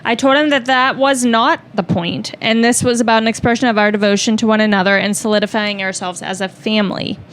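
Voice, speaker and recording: A woman co-hosting a podcast, reading a story aloud at a steady pace with short asides. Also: mid-range voice, a little fast, hardly any pauses.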